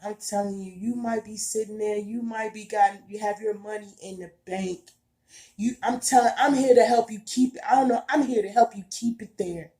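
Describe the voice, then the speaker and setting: A woman's voice: mid-range voice, steady tone, normal speed, warm tone. A woman giving a heartfelt spiritual monologue to her viewers, earnest and emphatic, repeating herself in casual everyday speech. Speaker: spiritual vlogger.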